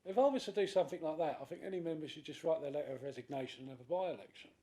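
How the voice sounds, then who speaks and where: A man, a councillor speaking in a committee debate, animated and acting out other people's voices. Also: fairly high pitch, very fast. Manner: animated, acts out quoted voices. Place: council chamber.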